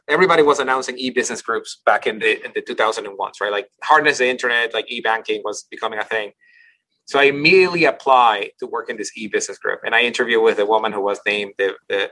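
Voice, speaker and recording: Man, podcast guest, rapid-fire, bright and husky voice. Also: mid-range voice, rough recording. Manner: rapid, animated, restarting phrases often. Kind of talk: casual interview storytelling.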